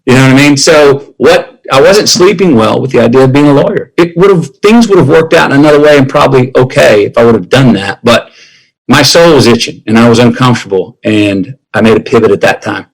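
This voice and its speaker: Husky, drawling middle-aged man. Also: mid-range voice, expressive, rough recording. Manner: drawling, unhurried, acts out remembered dialogue. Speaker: guest. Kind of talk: reflective storytelling.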